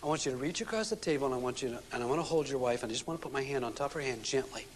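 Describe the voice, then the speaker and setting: A man's voice: mid-range voice, rapid-fire. A man giving a seminar talk on relationships to a live audience, telling stories and acting out the dialogue in them. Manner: storytelling, acts out quoted dialogue. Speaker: relationship speaker. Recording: long reverb from a hall, faint noise.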